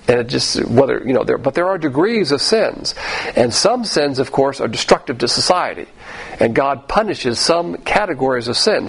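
A man's voice: mid-range voice, gravelly, husky, low-quality recording. A middle-aged man teaching a sermon on a Bible passage, explaining in an emphatic, lecturing way with frequent asides.

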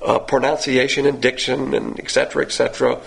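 A man with a Southern accent, a pastor teaching a Bible class in a blunt, self-deprecating, folksy way, his voice hoarse at times. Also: medium pitch, flat delivery, brisk. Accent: Southern American. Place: church classroom.

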